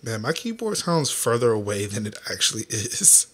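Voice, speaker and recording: Husky deadpan male podcast host. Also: fairly low pitch, normal speed. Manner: gloomy deadpan talk. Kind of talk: casual podcast banter.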